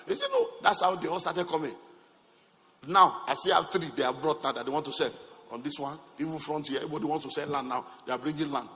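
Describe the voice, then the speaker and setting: Nigerian pastor telling lively stories. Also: male voice, fairly high pitch, quick pace, long reverb tail, low-quality recording. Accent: Nigerian English. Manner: storytelling, acting out dialogue with bursts of emphasis. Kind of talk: preaching to a congregation.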